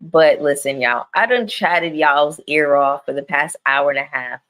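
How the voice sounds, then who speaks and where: A woman's voice: sits low, measured pace, a bit bright, poor audio. A woman reviewing reality TV on a live stream, talking straight to her viewers in a candid, slangy and profane way. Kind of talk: casual live-stream chat.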